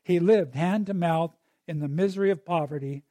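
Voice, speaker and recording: High-voiced male preacher, conversational. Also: normal speed, mellow, no room sound. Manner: conversational, digressive, with asides. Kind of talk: sermon.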